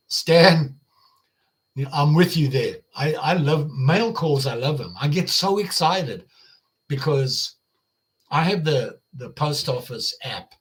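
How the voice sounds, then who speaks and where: An older man with an American Midwestern accent, chatting casually on a live stream as the channel host, rambling with fillers and restarts. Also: mid-range voice.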